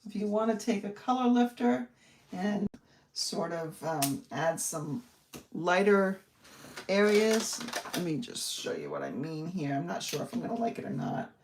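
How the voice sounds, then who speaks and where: She has a fairly low voice and is very animated, though she talks a little slowly. As host of a live card-making demo, she chats cheerfully, wanders from topic to topic, and thinks aloud. The distant mic picks up slight background noise and room echo.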